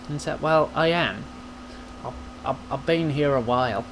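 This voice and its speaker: A man's voice: on the high side, very animated, moderate pace, a bit bright, slight background noise. A man hosting a casual question-and-answer vlog, rambling and self-deprecating with plenty of jokes. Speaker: YouTube channel host. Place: home recording space.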